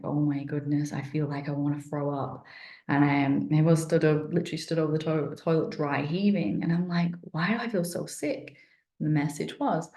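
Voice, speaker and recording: A middle-aged woman chats through a personal account in a low, relaxed voice. She rambles and restarts, and her mouth sounds dry. The room is echoey around her. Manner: chatty, rambling, many fillers and restarts. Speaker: wellness vlogger.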